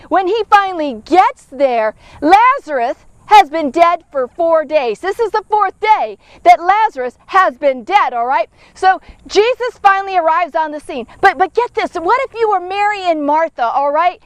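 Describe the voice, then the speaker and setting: A woman's voice: very high-pitched, no room sound. A woman giving a casual devotional Bible teaching, talking conversationally and often checking in with "okay?" and "all right?". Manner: dramatic, acts out the people in the story.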